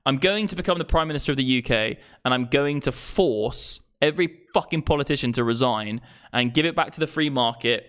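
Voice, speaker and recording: A man's voice: medium pitch, brisk, a bit bright, clear, resonant tone. A young man ranting about politics on his livestream, swearing freely and getting worked up into a microphone. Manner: profane, fired-up political rant. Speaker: crypto livestream host. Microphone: streaming microphone.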